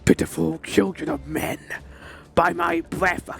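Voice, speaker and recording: A man voicing a wrathful male fire god who speaks in slow, solemn, archaic pronouncements. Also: a little high, steady tone, gravelly, sharp tone, soft background music, heavily acted. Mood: menacing.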